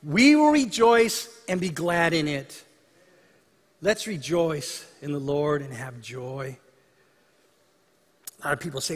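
High-voiced man preaching in a reverberant hall. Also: animated, slow pace, pauses often. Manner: conversational storytelling preaching, acting out dialogue. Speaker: pastor. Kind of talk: sermon.

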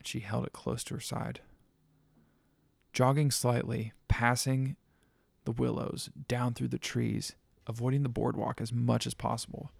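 A man narrating a spooky story in a measured, dramatic manner. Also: medium pitch, vocal fry, breathy edge, no echo.

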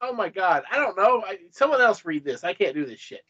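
Husky flustered man on a dull mic. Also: sits high, very animated, brisk, sharp tone. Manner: flustered, self-deprecating, swears. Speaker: reader. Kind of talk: casual chat, reading aloud.

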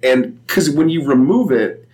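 A man's voice: on the high side, animated, a little slow, a little mellow. A man co-hosting a podcast, rambling and joking in casual chat with plenty of "like" and "uh". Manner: rambling, filler-heavy, joking. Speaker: podcast co-host.

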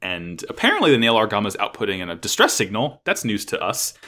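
A man's voice: on the low side, huge pitch swings, fast talker, pushed and bright. A man recapping a plot in casual chat, rambling with lots of fillers and swearing. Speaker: podcast co-host recapping an anime.

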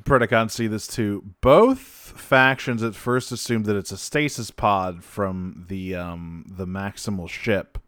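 A man's voice: fairly low pitch, steady tone, measured pace, hardly any pauses, fairly bright tone, no room sound. A man co-hosting a podcast, recapping an episode in casual chat, swearing freely and laughing often. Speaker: podcast co-host.

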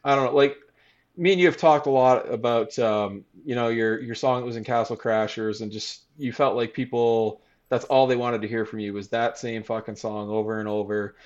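A man's voice: medium pitch, steady tone, normal speed, muffled recording. A man hosting a casual podcast chat, rambling and encouraging his guest. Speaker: podcast host.

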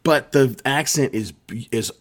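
A man's voice: mid-range voice, measured pace. A man who runs tabletop games, co-hosting a podcast and explaining himself in an earnest, rambling way. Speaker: podcast co-host and game master. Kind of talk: casual chat.

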